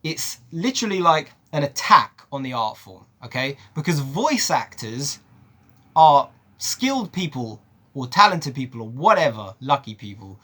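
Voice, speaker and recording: A man's voice: medium pitch, measured pace. A man giving an exasperated, profane film review rant. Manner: animated, profane, exasperated ranting. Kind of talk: ranting video review.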